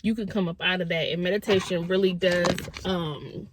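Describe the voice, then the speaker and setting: A woman's voice: on the low side, steady tone, normal speed, noisy background. A young woman talking to her viewers on camera, sharing heartfelt personal advice in an earnest, emotional way. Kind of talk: spontaneous heartfelt talk to camera.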